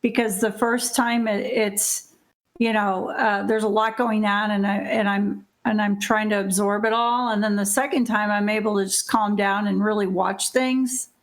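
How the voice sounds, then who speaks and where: A woman's voice: mid-range voice, fairly even intonation, normal speed. A woman co-hosting a casual podcast chat, talking hesitantly with many fillers and restarts. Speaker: podcast co-host.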